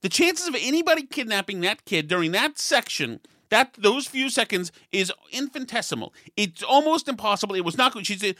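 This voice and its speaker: High bright-voiced man telling stories. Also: big pitch swings, brisk, no echo, clean studio sound. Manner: storytelling, gets worked up and loud when retelling arguments. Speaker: podcast host. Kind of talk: casual monologue.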